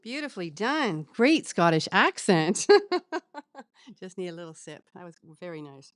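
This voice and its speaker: An actress playing a funeral celebrant with new-age beliefs, speaking softly and earnestly, rambling with fillers. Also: female voice, lowish voice, very animated, moderate pace, no room sound, clean studio sound.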